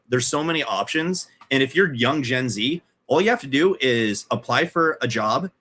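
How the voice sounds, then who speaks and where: A male co-host in relaxed chat, blunt and jokey, with a bright, forceful tone. He swears freely while making his points. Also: medium pitch, breathy edge. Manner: blunt, joking, swears when giving advice. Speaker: podcast co-host. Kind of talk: casual live-stream chat.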